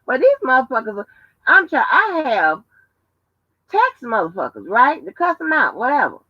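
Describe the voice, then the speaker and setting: A woman's voice: sits high, huge pitch swings, moderate pace, husky, dry recording. A woman hosting a casual livestream from home, talking in a profane, emphatic, storytelling way. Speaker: livestream host. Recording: dull lo-fi livestream audio.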